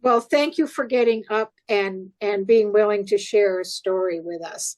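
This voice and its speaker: Woman emcee with halting introductions. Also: medium pitch, a little mellow, low-quality recording. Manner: friendly, halting introductions with fillers. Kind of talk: introducing performers. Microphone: video call.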